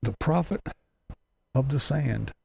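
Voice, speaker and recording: A man chatting casually on a livestream, with a gravelly, fry-laden voice at an everyday middle pitch. He talks bluntly, swears freely and chuckles between remarks as he reads out comments. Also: lively intonation, takes it slowly, a little mellow, slight background noise. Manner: blunt, ranting, profane, chuckling. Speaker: livestream host.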